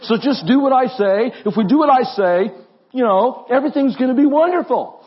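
A man's voice: very high voice, expressive, fairly quick, voice pushed up. A man doing an impression of a boastful male politician who repeats himself, in a dull lo-fi recording. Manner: bragging, repetitive.

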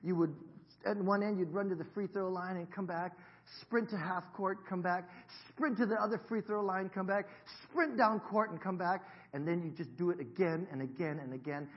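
A man in his fifties preaches in a church, joking and talking easily with his congregation. His voice sits a little high for a man. The recording sounds dull and lo-fi. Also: normal speed, hardly any pauses. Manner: jokey, self-deprecating, chatty with the congregation. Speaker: pastor. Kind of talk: sermon. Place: church sanctuary.

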